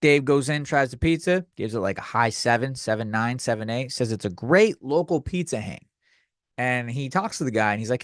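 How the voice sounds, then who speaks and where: A man's voice: mid-range voice, brisk, no echo, clean studio sound. A man hosting a comedy podcast, ranting in a crude, sarcastic, rambling way with lots of restarts. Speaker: podcast host.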